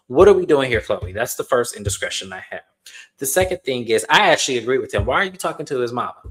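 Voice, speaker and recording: Animated man recapping reality TV. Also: mid-range voice, fairly quick. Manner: animated, acts out quotes, swears freely. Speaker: reality TV reviewer. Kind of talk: casual recap commentary.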